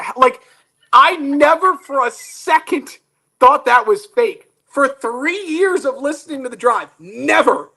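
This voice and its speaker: A man, a guest on a talk show, telling a story in a lively, self-mocking way. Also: extremely high pitch, slow pace. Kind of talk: casual radio talk show chat.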